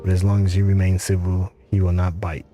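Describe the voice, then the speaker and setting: A man's voice: deep voice, monotone, music in the background, lightly acted. Man doing a cultured, courteous game tinkerer. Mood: polite. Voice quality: pleasant, cultured. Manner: courteous, measured, faintly ironic. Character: cultured polite male tinkerer in trench coat.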